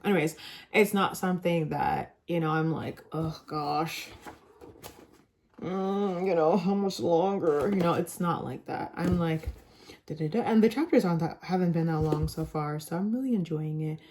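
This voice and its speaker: A young woman vlogger chatting casually, rambling with lots of filler words and getting animated when excited. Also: sits low, a little fast, creaky, slight background noise. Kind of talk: casual chat.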